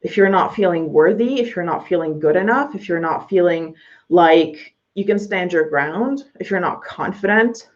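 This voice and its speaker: A woman's voice: on the low side, moderate pace. A woman coaching her audience directly in a blunt talk, swearing freely as she goes. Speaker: business coach. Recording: slightly dull lo-fi audio.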